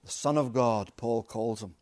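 A man preaching a sermon, with dramatic pauses and emphatic repetition. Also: mid-range voice, darkish tone, dry recording.

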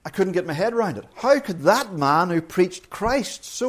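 Male preacher, earnest sermon delivery, voice sits a little high. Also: very animated, moderate pace. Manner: earnest, wide pitch swings when acting out voices.

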